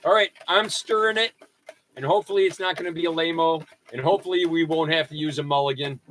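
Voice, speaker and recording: A man hosting a casual livestream, chatting in a loose, rambling way. His voice is bright and slightly high, and he keeps poking fun at himself. Now and then he breaks into excited high yelps and laughter. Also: fast talker, slight background noise. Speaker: livestream host.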